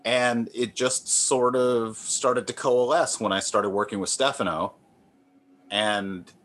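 A man, a comic artist guest, talking in a relaxed, rambling, self-deprecating way with many fillers and restarts. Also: medium pitch, slow pace. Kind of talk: relaxed conversational interview.

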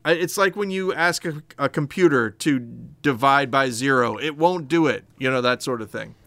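Bright-voiced man rambling on a podcast. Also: mid-range voice, moderate pace, no echo. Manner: animated, rambling explanations with frequent restarts. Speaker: podcast co-host. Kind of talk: casual podcast chat.

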